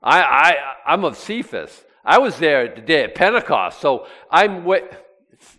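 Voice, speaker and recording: Man, pastor, sermon, animated, lively pitch, sarcastic asides. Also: takes it slowly. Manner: animated, sarcastic asides, reads scripture aloud.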